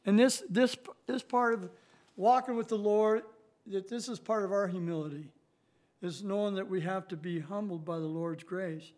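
A middle-aged man giving an informal Bible teaching, speaking plainly with halting restarts and fillers, and slowing down to read scripture aloud. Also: sits high, steady tone. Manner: reads scripture slowly, rising louder on key verses.

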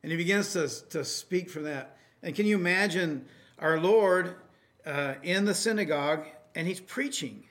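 A man's voice: high-pitched, moderate pace, fairly bright tone. A man preaching a sermon in a conversational way, with many fillers and restarts, and reading scripture aloud in a raised, emphatic voice.

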